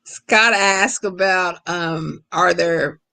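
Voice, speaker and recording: A middle-aged woman from Kentucky with a Kentucky accent, an author answering questions over a video call in a relaxed, storytelling way. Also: on the low side, very slow, gravelly. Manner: relaxed, storytelling, laughs easily. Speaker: guest author. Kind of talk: casual lecture Q&A.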